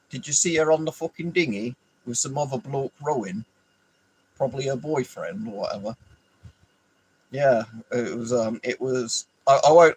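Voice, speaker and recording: A man's voice: mid-range voice, husky, dry recording, rough recording. An Englishman hosting a casual livestream, rambling, swearing freely and answering viewers by name. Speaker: livestream host. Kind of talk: casual live chat.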